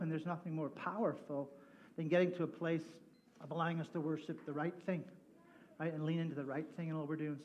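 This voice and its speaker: A man with a high voice opens a sermon to his congregation, talking in a chatty, playful, energetic way. His voice comes through a stage microphone, with slightly dull audio. A faint hum of the room sits behind him. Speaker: pastor. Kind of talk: sermon opening. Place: church hall.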